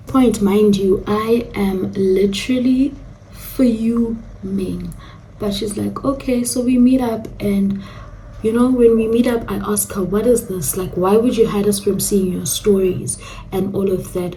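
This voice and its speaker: A young South African woman telling a storytime vlog, animated and dramatic, slipping into local slang. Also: medium pitch, measured pace, distant mic, slight background noise. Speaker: storyteller vlogger. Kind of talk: casual storytime monologue.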